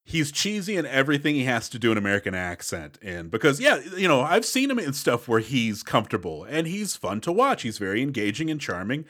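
Male co-host with very animated intonation, frank opinions and exasperated remarks about films. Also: medium pitch, a little fast, hardly any pauses. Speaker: podcast co-host. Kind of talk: casual movie-review chat.

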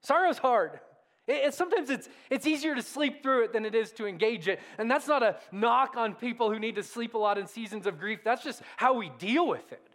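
High-voiced man preaching a sermon. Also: a little fast, fairly bright tone. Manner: conversational, self-deprecating preaching with rhetorical questions. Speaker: pastor.

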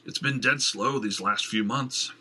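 Cast a fussy middle-aged theater owner, high and theatrical, husky and sharp, voiced by a man. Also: unhurried, exaggerated voice.

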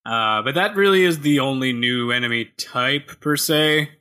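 A man's voice: medium pitch, moderate pace, sharp tone, clean tone. A man co-hosting a casual game review podcast, joking and laughing often, talking into a headset mic. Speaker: podcast co-host.

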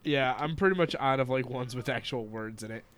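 A man's voice: medium pitch, brisk, fairly bright tone. A man co-hosting a casual podcast, making dry puns and wry remarks. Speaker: podcast co-host. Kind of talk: casual chat.

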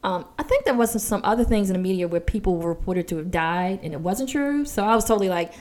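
Mellow-voiced woman telling a story. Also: medium pitch, quick pace. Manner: animated storytelling, acts out quoted voices. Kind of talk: casual chat, personal story.

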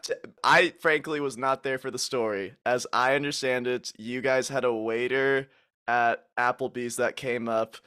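A man's voice: mid-range voice, steady tone, moderate pace, bright, forceful tone, clean tone. A man hosting a casual podcast chat, asking the others questions in a hesitant way.

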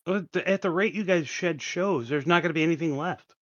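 A man's voice: a little high, fast, no echo. A man in a casual podcast chat, making dry, teasing remarks. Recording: dull lo-fi podcast audio.

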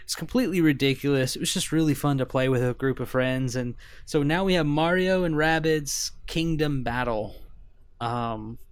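A man's voice: mid-range voice, normal speed, clean tone, dry recording. A man co-hosting a video game podcast, easygoing and joking in casual chat. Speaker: podcast co-host.

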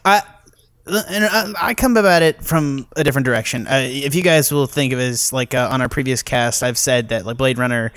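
A man co-hosts a film podcast, winding through his points with restarts and filler words. His voice sits at an ordinary pitch and is recorded close and dry, with no room sound. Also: a little fast, clean tone, dry recording. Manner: rambling, animated, many restarts and "like"s. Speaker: podcast co-host. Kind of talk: casual film review chat.

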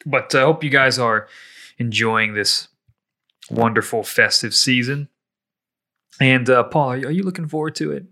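A man's voice: medium pitch, moderate pace, long pauses, bright, forceful tone. A man co-hosting a church podcast, chatting casually in a playful, teasing way. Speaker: podcast co-host.

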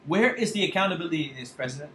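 A man's voice: a little high, lively intonation, very fast, sharp tone, echoey room, a little hiss or hum, poor audio. A man ranting angrily and passionately on his podcast, swearing as he confronts a politician. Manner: angry, impassioned, swearing. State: choked up, fighting tears. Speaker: podcast host. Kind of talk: political rant monologue.

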